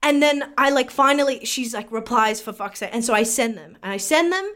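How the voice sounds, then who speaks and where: Brief: young woman with a high voice, lively podcast storyteller who swears freely. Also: a little fast. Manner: animated, swears freely, acts out both sides of the story. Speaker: podcast co-host. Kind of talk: casual comedic storytelling.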